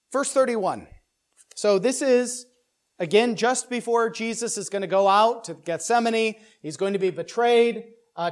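A man preaches an expository sermon with earnest conviction, repeatedly restarting and doubling back on words. As he presses each point, he gets louder and higher.

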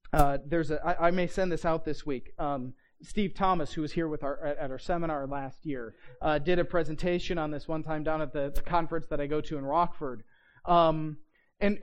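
A Bible teacher giving a conversational lesson, often checking in with listeners and reading scripture aloud with stress on key words. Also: medium pitch. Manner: checks in with listeners, asking "right?"; frequent restarts and filler words.

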